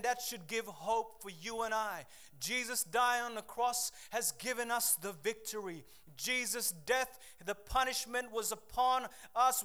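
A man preaching a sermon to a church congregation, swinging from loud exhortation to hushed, emotional confession. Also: high voice, smooth. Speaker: pastor. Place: church service.

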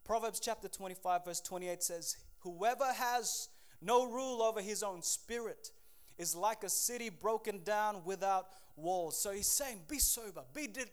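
A man with a high, light voice preaches a lively sermon. He shifts between calm teaching and fired-up exhortation, tossing out asides to his listeners. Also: moderate pace, smooth. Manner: energetic preaching with call-and-response asides. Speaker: pastor.

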